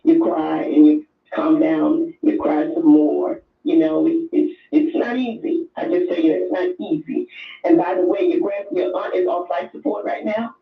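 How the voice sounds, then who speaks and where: A woman's voice: deep voice, fairly even intonation, moderate pace, creaky, recorded from a distance, soft background music. An older woman calling in to a show, talking with effusive emotion and repeating herself. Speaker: caller. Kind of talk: call-in chat. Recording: echoey tinny phone line.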